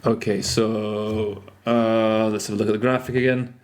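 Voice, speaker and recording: A man's voice: fairly low pitch, flat delivery, moderate pace, a little hiss or hum. A man hosting a podcast lesson on interpreting vocabulary, chatty and self-correcting, mixing in French and Russian terms. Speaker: interpreter trainer. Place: lives in France.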